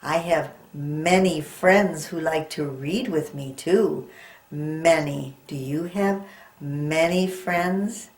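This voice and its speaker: A woman with a low voice speaks slowly, teaching young children a phonics lesson. As a reading teacher, she sounds words out one letter at a time and coaxes the kids along with questions. The room she's in is echoey.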